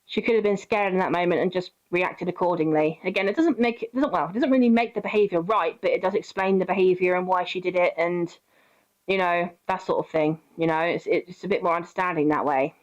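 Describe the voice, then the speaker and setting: A woman's voice: lowish voice, brisk, dull audio. A woman streaming a game, telling a story in casual chat, swearing freely and answering her chat.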